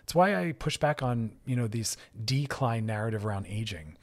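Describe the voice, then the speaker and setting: A man hosts a radio talk show, speaking as a therapist. He is chatty and upbeat and laughs often. His voice sits at a medium pitch. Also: lively intonation, moderate pace.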